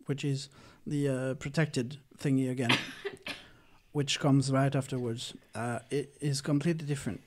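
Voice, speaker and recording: A man's voice: medium pitch, steady tone, measured pace, slight background noise. A man co-hosting a podcast, telling casual stories over wine and rambling as he searches for words. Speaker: podcast co-host.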